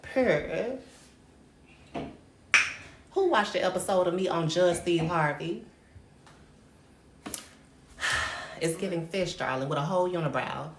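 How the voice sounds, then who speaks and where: A woman with a lowish voice hosts her own livestream, speaking slowly and pausing often as she delivers a brash, profane, sassy rant to viewers, calling everyone darling. The audio has a roomy echo and faint noise.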